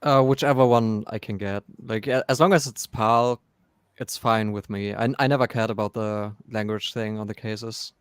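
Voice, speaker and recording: A man's voice: fairly low pitch, steady tone, moderate pace, smooth, dry recording. A man who is a guest on a podcast and answers briefly and plainly. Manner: brief, matter-of-fact. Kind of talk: casual chat.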